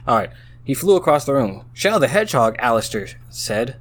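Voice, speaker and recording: A man's voice: medium pitch, big pitch swings, a little fast, fairly bright tone, slight background noise. A tipsy man reads an AI-written story aloud, breaking off into baffled exclamations. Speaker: host reading out an AI-written story. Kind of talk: casual reading aloud with running commentary.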